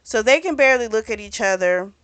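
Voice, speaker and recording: A woman's voice: a little high, lively intonation, a little fast, a bit bright, smooth, dry recording. A woman host casually recapping a novel for a book club, talking in a chatty way and filling her retelling with "you know" and "he's like.".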